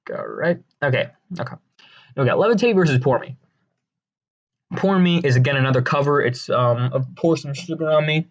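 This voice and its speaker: A man giving casual, rambling commentary with a deadpan delivery, crude jokes and many fillers and restarts. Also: a little high, normal speed, muffled recording. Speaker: video creator ranking songs.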